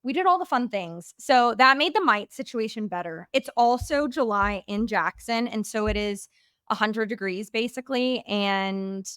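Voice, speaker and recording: A woman's voice: on the high side, animated, normal speed, a bit bright, clean tone, no room sound, studio quality. A young woman hosting a podcast, chatting casually in a bubbly, gushing way and saying "like" often. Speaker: podcast host.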